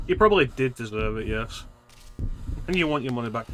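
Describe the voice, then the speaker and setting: A man's voice: medium pitch, expressive, a little fast, a bit bright. Wisecracking man streaming a game. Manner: joking, sarcastic asides. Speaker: streamer playing a horror game. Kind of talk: casual game commentary. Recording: noisy stream audio.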